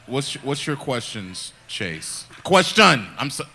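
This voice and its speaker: Bright-voiced joking game show host. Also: male voice, medium pitch, lively intonation, unhurried. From Chicago. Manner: playful, teasing, laughs often. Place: live event with audience.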